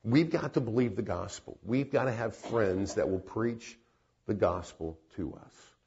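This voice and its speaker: A man's voice: on the low side, measured pace, creaky, darkish tone, slightly rough, muffled recording. A man preaching a sermon as a pastor, telling a story in an earnest way and repeating phrases for emphasis.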